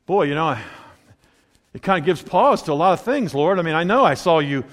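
A man's voice: fairly high pitch, fairly quick. Conversational preacher man, hall reverb. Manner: conversational, wry, animated asides. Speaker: pastor. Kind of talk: sermon.

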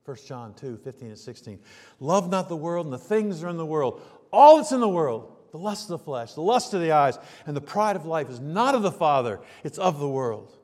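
A male preacher delivering a sermon, swinging between loud emphatic peaks and hushed low passages. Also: very animated, moderate pace, big-room sound.

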